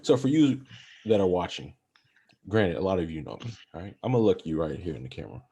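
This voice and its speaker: A young man co-hosting a podcast, chatting about basketball in a casual, animated, rambling way. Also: deep voice, fast, slight background noise. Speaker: podcast co-host. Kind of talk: casual sports chat.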